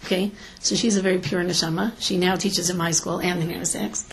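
A woman teacher speaking to an audience of parents, lively and storytelling, often acting out what people say. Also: on the low side, a little fast, vocal fry, very noisy. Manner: animated, tells stories and acts out quotes. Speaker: teacher and school educator giving a talk. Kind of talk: lecture to parents with stories.

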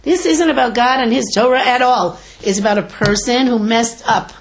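A woman teacher speaking to an audience of parents, lively and storytelling, often acting out what people say. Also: a little high, normal speed. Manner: animated, tells stories and acts out quotes. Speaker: teacher and school educator giving a talk. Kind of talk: lecture to parents with stories.

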